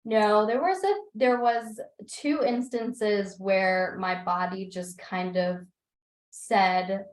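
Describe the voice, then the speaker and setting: A woman's voice: medium pitch, slow. A young woman chatting casually in a book club on a video call, telling stories with laughter and acting out her own quotes. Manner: animated, laughing, quotes herself in lively voices. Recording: roomy video call audio.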